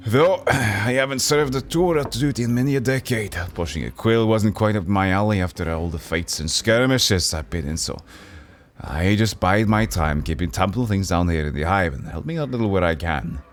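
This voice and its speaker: A man's voice: fairly low pitch, animated, moderate pace, lightly acted. A man voicing a friendly old retired male city guard with a Scottish accent, chatty and folksy in an old-timey way. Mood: proud.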